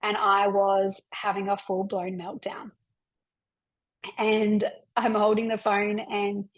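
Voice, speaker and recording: Aussie woman podcast host, kinda high voice, chatty and open, says like a lot. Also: low-quality recording. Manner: open, emotional, many "like" fillers. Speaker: podcast host and women's coach. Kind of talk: candid personal storytelling.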